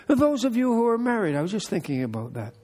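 A man's voice: high voice, very animated, quick pace, darkish tone. An older man, a pastor giving a conversational sermon with folksy, joking asides. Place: church hall. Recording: echoey hall reverb.

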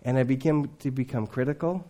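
A man preaching a sermon, swinging between loud emphatic lines and hushed, low asides. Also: fairly quick.

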